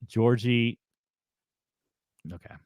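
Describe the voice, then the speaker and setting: A podcast co-host in casual chat, reading names aloud haltingly with wry asides. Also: mid-range voice, little pitch movement, darkish tone, smooth, dry recording, clean studio sound.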